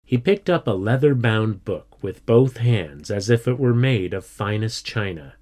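A man reading a children's story aloud as narrator, deliberate and steady. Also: lowish voice. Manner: slow, deliberate. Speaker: reader.

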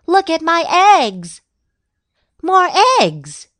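A shrill, excitable mother goose shrieks about her precious eggs, as a woman puts her on for a storybook reading. The voice leaps very high and swings wildly up and down. It sounds close and dry, with no room around it. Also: drawn-out words, no room sound, exaggerated voice. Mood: excited. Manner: shouting, excitable.

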